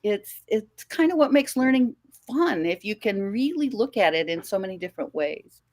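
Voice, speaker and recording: An older woman from the American Midwest, a podcast guest talking in a relaxed, reflective way, with frequent restarts and light laughs. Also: medium pitch, normal speed. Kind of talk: casual conversational interview.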